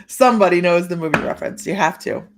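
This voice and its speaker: A woman's voice: fairly low pitch, background noise. A woman in her fifties, a psychic reader hosting a live stream, chatting casually with her viewers, laughing often and playfully talking straight to them. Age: 50s.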